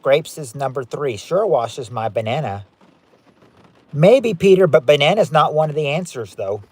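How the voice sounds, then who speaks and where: A man's voice: a little high, expressive, moderate pace, a little mellow. A man hosting a live-stream game night, chatting as he reads out viewer guesses and rules on each one. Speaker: game show host.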